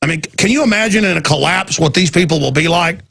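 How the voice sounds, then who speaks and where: Texan man, talk radio host, gravelly, husky, fairly high for a man, ranting monologue. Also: fast, fairly bright tone. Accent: Texas. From Texas. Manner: ranting, mocking impressions.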